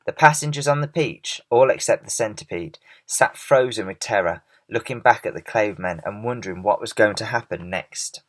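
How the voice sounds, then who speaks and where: A man reading a children's storybook aloud in an expressive, measured way. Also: fairly low pitch.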